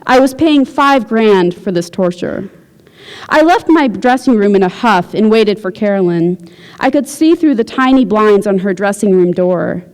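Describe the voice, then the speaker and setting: A woman's voice: mid-range voice, darkish tone. Woman reading fiction in an echoey hall. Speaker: visiting writer. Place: university event hall. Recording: long hall reverb.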